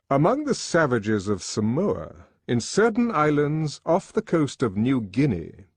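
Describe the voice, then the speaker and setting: A man narrating an audiobook with an expressive, varied delivery. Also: lowish voice, no room sound. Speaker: audiobook reader.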